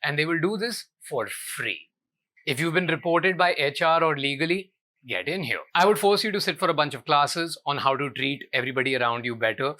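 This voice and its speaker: A man's voice: on the high side, animated, normal speed, a bit bright. A young Indian man, a comedian hosting his show, delivering a scripted commentary rant with exasperated sarcasm.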